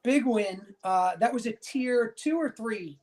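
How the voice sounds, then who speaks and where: A man's voice: very high voice, measured pace, darkish tone. A man hosting a talk show in a chatty way, often saying "you know.". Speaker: show host.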